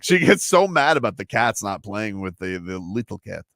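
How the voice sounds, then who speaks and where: A man's voice: on the low side, very animated, normal speed, gravelly, fairly bright tone, no echo, clean studio sound. Joking male sports radio host. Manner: joking, rambling storyteller. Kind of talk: casual sports radio banter.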